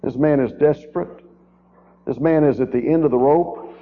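A man's voice: fairly high pitch, normal speed. A man preaching a sermon as a guest speaker, emphatic, with rhetorical questions and runs of repeated phrases. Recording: tinny, narrow-band old tape recording.

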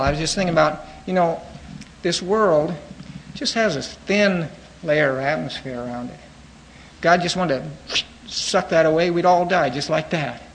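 A man's voice: on the high side, a little hiss or hum, rough recording. A man teaching through a book of the Bible, reading verses aloud and then explaining them in plain everyday words.

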